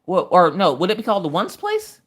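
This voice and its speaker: Animated, exasperated woman livestream host. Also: fairly low pitch, fast. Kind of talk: casual chat.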